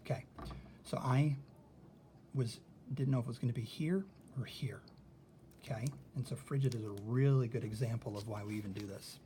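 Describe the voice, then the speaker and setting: A man teaching a recorded lesson, thinking out loud as he works through examples and often checking in with "okay?". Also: medium pitch, steady tone, normal speed, long pauses, slight background noise.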